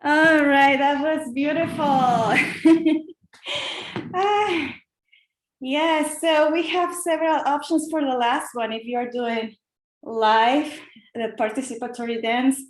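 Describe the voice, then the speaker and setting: Slow-talking woman in an echoey room. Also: sits high. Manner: rhythmic, sing-song chanting, then chatty with many fillers. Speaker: meeting host and dance leader. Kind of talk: leading a dance chant, then casual group address. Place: video call from home. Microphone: video call computer mic.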